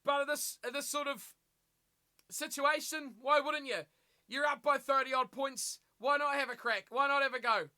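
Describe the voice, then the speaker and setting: Very high, bright-voiced male rugby streamer. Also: normal speed. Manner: reads viewer chat aloud and answers it; animated, rhetorical questions. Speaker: live stream rugby commentator. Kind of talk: live reaction commentary.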